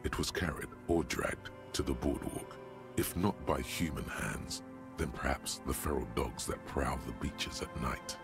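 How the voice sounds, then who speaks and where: A man's voice: extremely low pitch, unhurried. A man voicing a brooding, mocking narrator in a detective video game, with a sardonic, ominous delivery. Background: game music.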